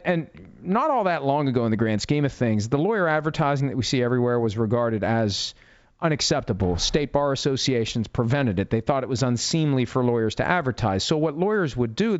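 A man's voice: medium pitch, no room sound. Blunt, sarcastic male legal commentator. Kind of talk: opinionated commentary. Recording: dull lo-fi dry audio.

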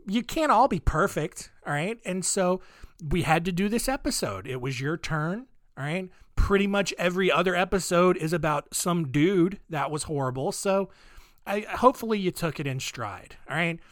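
A man's voice: high voice, lively intonation, measured pace, a bit bright, dry recording. Joking man telling history, dry sound. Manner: casual and joking, with many fillers. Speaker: podcast host. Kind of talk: irreverent comedic history storytelling.

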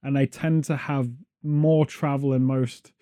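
A man's voice: mid-range voice, flat delivery, measured pace, dark tone. A British man hosting a podcast, chatting casually and joking as he wanders off on tangents. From Britain. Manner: rambling, jokey, goes off on tangents. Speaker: podcast host. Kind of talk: casual chat.

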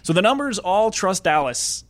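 A man's voice: high-pitched, big pitch swings, normal speed, a bit bright, no echo. A man hosting a podcast, chatting casually about game picks and thinking aloud with frequent restarts. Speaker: podcast host. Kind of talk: casual sports betting chat.

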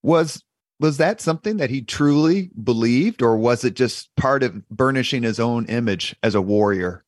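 A man's voice: mid-range voice, lively intonation, normal speed, no room sound, studio quality. A man in his fifties hosting a podcast interview, asking questions and adding personal asides. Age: 50s. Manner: conversational questioner who adds personal asides. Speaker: podcast host.

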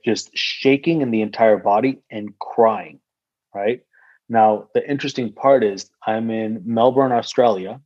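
A man with a somewhat breathy, husky voice tells a long personal story in loose podcast chat. He rambles, fills his speech with "like" and swears casually. The sound is dry and slightly muffled. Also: fairly low pitch, mellow, no room sound. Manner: rambling, heavy use of "like", swears freely. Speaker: guest telling a personal story.

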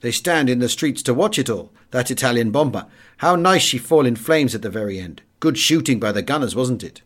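A man's voice: mid-range voice, lively intonation, a little fast, a bit bright. A man voicing a cheerful Maltese cafe proprietor who tells his stories eagerly in broken English, within an audiobook reading. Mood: proud.

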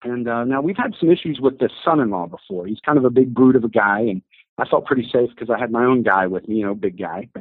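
Husky-voiced man telling an excited story. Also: medium pitch, quick pace, no room sound. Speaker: guest telling a faith story. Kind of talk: animated storytelling. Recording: dry, tinny phone-like audio.

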